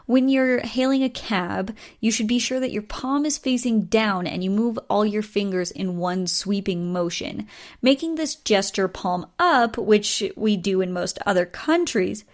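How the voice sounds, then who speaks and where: A woman from the United States hosting a podcast solo, chatting casually with many fillers and small laughs. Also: medium pitch. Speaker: podcast host.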